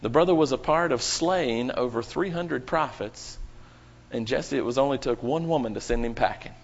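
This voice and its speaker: A man's voice: medium pitch, normal speed, gravelly, lo-fi sound. A man preaching a sermon to his congregation, with dramatic rising and falling emphasis.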